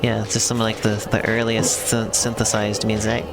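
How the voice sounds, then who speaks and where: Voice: medium pitch, monotone, normal speed. A streamer chatting casually during a gameplay stream, laid-back and a little hesitant, often offering bits of trivia. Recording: game music clearly under the voice.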